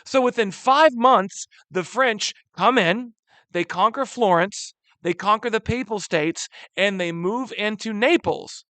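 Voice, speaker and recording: A man teaching a history lesson in a casual, animated way, using slang and often calling his students "guys.". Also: high-pitched, unhurried, dry recording. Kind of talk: casual classroom lecture.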